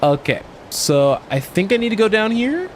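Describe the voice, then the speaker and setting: A man's voice: high voice, sing-song, normal speed, slight background noise. A man playing a video game, chatting casually and stumbling over his words as he reads the dialogue aloud. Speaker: let's play gamer. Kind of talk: casual gameplay commentary.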